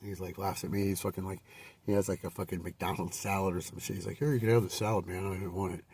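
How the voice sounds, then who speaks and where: Gravelly, husky man telling a rambling story. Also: sits low, steady tone, fast, darkish tone, distant mic. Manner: rambling, profane, many fillers and restarts. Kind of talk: casual personal storytelling.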